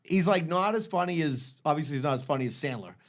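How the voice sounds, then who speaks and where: A man's voice: fairly high pitch, animated, fast talker. A man co-hosting a casual podcast, running the draft turns in an upbeat way and filling his talk with "like". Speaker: podcast co-host. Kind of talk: casual chat.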